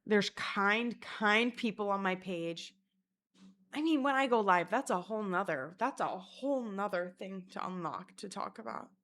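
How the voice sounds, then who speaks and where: A young woman vlogging casually to her phone camera at home, telling stories in a profane, animated way. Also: mid-range voice, measured pace. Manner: profane, animated storytelling with acted-out quotes. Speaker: content creator. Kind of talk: casual vlog chat.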